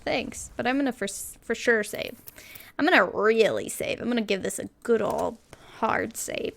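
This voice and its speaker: A woman's voice: on the high side, moderate pace, vocal fry, a bit bright. A young woman streaming a game, reading its text aloud and breaking off to react with squeals and laughter. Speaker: gameplay streamer.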